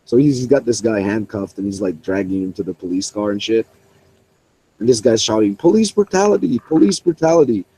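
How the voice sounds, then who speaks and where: A young man in a voice chat, talking through a headset in a mellow, darker tone. He rambles and swears often, laughing at his own story. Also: lowish voice, fairly even intonation, normal speed, husky, rough recording.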